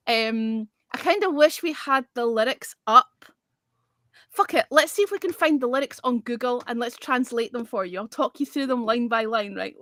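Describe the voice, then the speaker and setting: A woman's voice: on the high side, bright, forceful tone, dry recording, studio quality. A woman hosting a casual livestream music review, blunt and sweary in manner. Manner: blunt and sweary, talks with her hands. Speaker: host.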